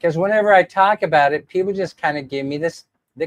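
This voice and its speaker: A man's voice: a little high, lively intonation, a little fast, few pauses, dry recording. A man rambling in a casual livestream chat, laughing often as he answers viewers. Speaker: vlogger reading live chat.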